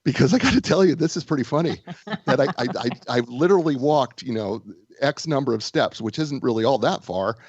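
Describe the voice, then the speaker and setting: A man speaking as a guest author and business coach, telling stories in a lively way with frequent restarts. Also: medium pitch, a little fast, breathy edge, no room sound, lo-fi sound. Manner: animated storyteller, stammering restarts. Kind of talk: casual interview chat.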